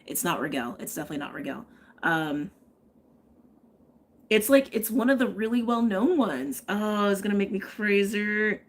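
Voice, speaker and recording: A woman's voice: medium pitch, animated, moderate pace. A woman giving a live tarot and astrology reading, chatting and thinking aloud, often checking in with "okay?". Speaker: tarot reader.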